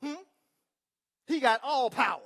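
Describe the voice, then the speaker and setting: A man's voice: extremely high pitch, lively intonation, unhurried, creaky. Emphatic male pastor preaching. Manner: emphatic preaching with call-and-response asides; swings between loud declarations and quiet asides. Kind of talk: sermon.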